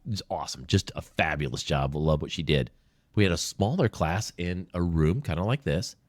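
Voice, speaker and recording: A veteran advocate, appearing as a podcast guest in a small room, tells heartfelt stories with earnest, open emotion and quotes other people's voices. His voice is deep with lively intonation and a brisk pace, recorded at studio quality with no room sound.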